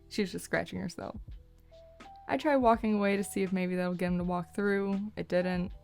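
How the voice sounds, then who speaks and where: A young woman narrating her horse vlog as a voice-over, cheerful and quick to laugh. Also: lowish voice, fairly even intonation, creaky, a little mellow, faint music behind. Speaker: horse owner, vlogger.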